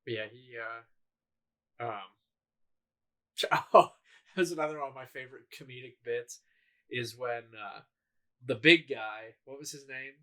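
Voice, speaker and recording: A man co-hosting a podcast, retelling movie scenes in an animated, casual way with acted-out quotes and laughter. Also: mid-range voice, a little slow, long pauses. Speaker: podcast co-host. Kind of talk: casual chat.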